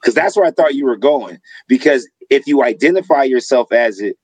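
A man co-hosting a podcast, telling animated, profane stories in casual chat. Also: medium pitch, a little fast, slightly rough, dry recording, rough recording. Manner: animated, profane storytelling with laughs. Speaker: podcast co-host.

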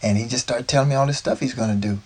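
A man's voice: mid-range voice, very fast, darkish tone, slightly rough. A man, the guest, telling casual, rambling stories and often tossing in "man" and "like.". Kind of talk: casual storytelling.

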